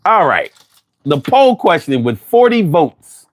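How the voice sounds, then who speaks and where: Guy on a stream, slow drawl, voice jumps all over as he talks to chat. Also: fairly high pitch, big pitch swings. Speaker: livestream host. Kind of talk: casual chat reading viewer comments.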